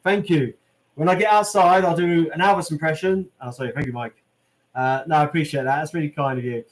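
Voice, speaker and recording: A man's voice: on the high side, fairly even intonation, a little fast. Chatty British man reading live chat. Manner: chatty, reads out viewer comments, lots of "um" and "mate". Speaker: channel host answering live chat.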